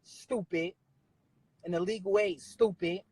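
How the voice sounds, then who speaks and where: A woman's voice: on the low side, steady tone, unhurried, mellow, slightly rough, no echo, low-quality recording. A woman in her forties, ranting bluntly and profanely at her viewers on a phone live stream.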